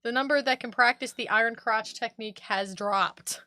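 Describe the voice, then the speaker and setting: Woman podcast cohost reading a story out loud, bright voice, dry close mic, laughing asides. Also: fairly high pitch, moderate pace, dry recording. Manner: reads news aloud with laughing asides. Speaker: co-host reading news. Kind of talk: casual podcast chat.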